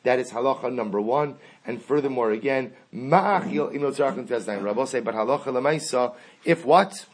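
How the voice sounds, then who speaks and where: A man's voice: medium pitch, normal speed, breathy edge. A man teaching a Talmud lesson, reading the text aloud and then explaining it step by step in English.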